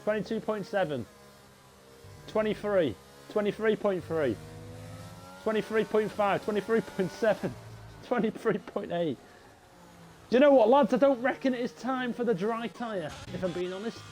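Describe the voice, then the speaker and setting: A young man giving live sim racing commentary, chatty and excitable, talking to his viewers as lads. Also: high-pitched, normal speed, faint music behind, poor audio. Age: young adult. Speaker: race commentator.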